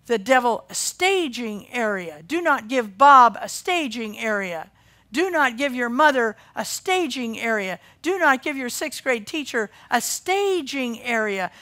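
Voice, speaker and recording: A woman pastor preaching a sermon, swinging from loud emphasis to quiet intensity. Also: sits high.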